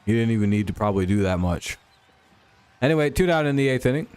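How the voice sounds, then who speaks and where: A man hosting a casual live stream, chatting with viewers and calling pitches as he watches a ballgame. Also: expressive, quick pace, a little mellow, clean tone, dry recording. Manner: chatty, replies to chat while calling pitches.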